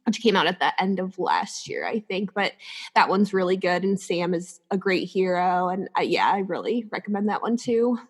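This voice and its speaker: A woman's voice: lowish voice, animated, normal speed, slightly rough. A woman guest on a book podcast, talking casually and enthusiastically with frequent laughs. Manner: enthusiastic, laughs often, many fillers. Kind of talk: casual chat.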